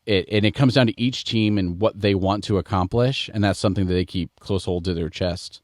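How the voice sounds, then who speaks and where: A man's voice: sits low, fairly quick, no echo, clean studio sound. A middle-aged American man hosting a podcast in casual, rambling chat. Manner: rambling, digressive. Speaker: podcast host.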